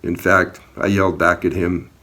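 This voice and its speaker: A man's voice: deep voice, little pitch movement, moderate pace, bright, forceful tone. A man giving an earnest personal account in a video, talking about an encounter outdoors, speaking plainly and sometimes heatedly. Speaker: activist recounting an encounter.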